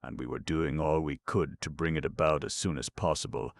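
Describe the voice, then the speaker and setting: A man's voice: extremely low pitch, fairly even intonation, fairly quick, vocal fry, no room sound. A man voicing a shrewd older business manager who lectures sardonically, in a read-aloud play. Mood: sardonic.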